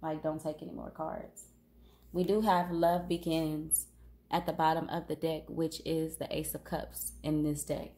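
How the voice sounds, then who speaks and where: Slow, mellow-voiced woman with a cold. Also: sits low, flat delivery. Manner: slow, unhurried, with fillers and pauses. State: has a cold, sniffling. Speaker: tarot reader. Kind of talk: casual tarot reading.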